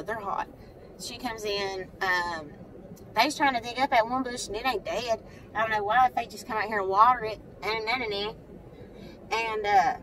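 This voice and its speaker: A mother recording a casual vlog from her car, parked at a credit union, animatedly recounts a story to the camera, slipping into a high voice to act out other people's words. The recording is low-quality, with a distant mic and a little hiss or hum.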